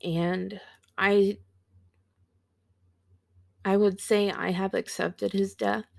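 A woman in her thirties hosting a podcast, telling a personal story in a slow, halting, reflective way and sounding teary. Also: medium pitch, little pitch movement, gravelly, dry recording. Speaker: podcast host.

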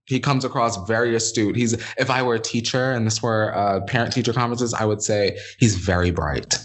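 A man chatting casually as a podcast guest, animated and sassy, jumping up into high exclamations. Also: fairly quick. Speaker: podcast guest, former reality show contestant.

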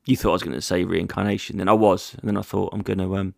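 A man's voice: sits low, flat delivery, fast, vocal fry, a little mellow, no room sound, studio quality. A man, a comedian hosting a casual solo podcast, rambling through jokey stories with plenty of swearing.

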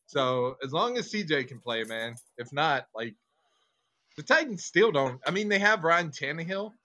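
A man's voice: fairly high pitch, lively intonation, moderate pace, bright, forceful tone. A man co-hosting a podcast in rambling, casual talk and laughing a lot. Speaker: podcast co-host. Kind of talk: casual chat.

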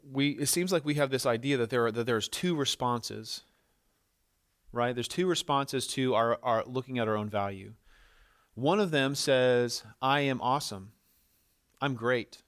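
Emphatic male pastor preaching. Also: medium pitch. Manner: emphatic, repeats words when stressing a point; frequent small restarts while explaining. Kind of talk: sermon.

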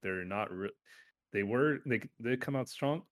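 A man co-hosting a casual chat about video games, rambling and correcting himself, with sudden animated bursts. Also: medium pitch, unhurried, no room sound. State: has hiccups.

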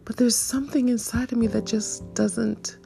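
A woman in her fifties hosting a reflective solo monologue, searching and questioning herself, with soft laughs. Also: fairly high pitch, steady tone, normal speed, creaky, soft background music. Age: 50s. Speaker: podcast host.

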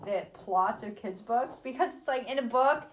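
A woman's voice: fairly high pitch, normal speed, slight background noise. A young adult woman in casual chat as a podcast co-host, frank and opinionated, with loose fillers and the odd swear word.

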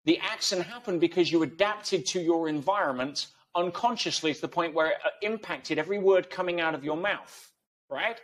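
Interview guest, male, fairly high voice, emphatic talker full of analogies. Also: normal speed, fairly bright tone. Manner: emphatic, uses analogies and rhetorical questions. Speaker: guest speaker. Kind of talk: conversational interview.

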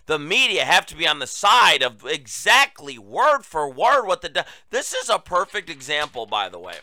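A man's voice: on the high side, huge pitch swings, moderate pace, pushed and bright. A man hosting a political talk show, delivering a sarcastic, emphatic monologue.

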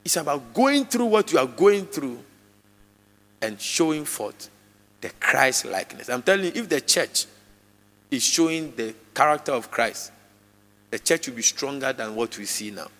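A man preaching a live sermon to a congregation, emphatic and repetitive, his voice jumping suddenly in pitch and loudness. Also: sing-song, moderate pace. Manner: repeats phrases for emphasis. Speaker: pastor. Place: church hall with congregation. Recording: long reverb of a large church hall.

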